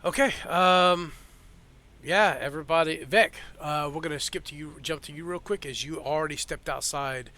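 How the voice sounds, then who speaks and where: A man narrating a tabletop game as game master over an online call, in a loose, halting way full of fillers. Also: fairly high pitch, sharp tone.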